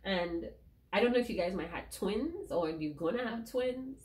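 A woman's voice: mid-range voice, lively intonation, normal speed, darkish tone. A woman giving an emotional tarot reading to her viewers, speaking emphatically and repeating key lines. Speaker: tarot reader.

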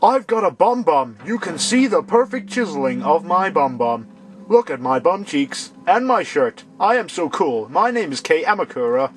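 A man's voice: fairly high pitch, sing-song, normal speed. A man voicing a vain, self-admiring young male game hero in a mock-boastful, smug way. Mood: smug boasting.

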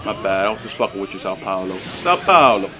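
A man giving excitable, profane live commentary over his own game matches, trash-talking opponents and hyping his plays. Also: deep voice, rapid-fire, soft background music. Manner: excitable, profane trash talk, swings between hype shouts and mutters. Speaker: gaming YouTuber.

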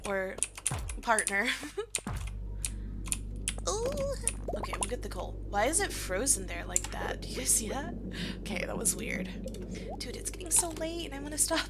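A woman's voice: a little high, sing-song, normal speed, long pauses, very noisy. A young woman giving casual, self-deprecating commentary while playing a game, laughing often. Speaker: gaming video creator. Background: keyboard clicks and typing.

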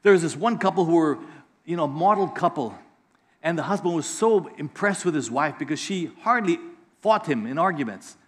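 High-voiced lively pastor. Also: male voice, a little fast. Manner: lively preacher, acts out voices in anecdotes. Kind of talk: sermon.

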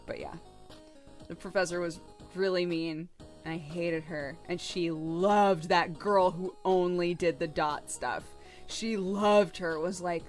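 A young adult woman streamer telling a story in a casual, animated way, swearing freely and laughing often. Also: fairly low pitch, slow pace, soft background music.

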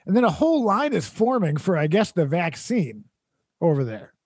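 High-voiced man telling a rambling comic story. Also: wildly swooping pitch, moderate pace, a little mellow, husky, no echo, studio quality. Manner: rambling, exasperated, laughs mid-sentence. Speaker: comedy podcast host. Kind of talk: casual comedic storytelling.

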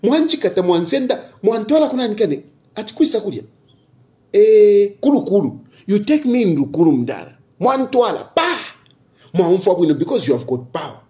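A man's voice: high voice, very animated, brisk, dark tone. A Zambian man giving impassioned political commentary, repeating his points and firing off rhetorical questions. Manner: emphatic, repeats phrases, switches between English and local languages.

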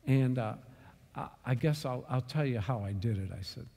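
A man teaches a church Bible study in a mid-pitched voice. He tells his story with sudden loud bursts for emphasis. The sound carries a long church hall reverb. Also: normal speed, slightly rough. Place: church meeting room.

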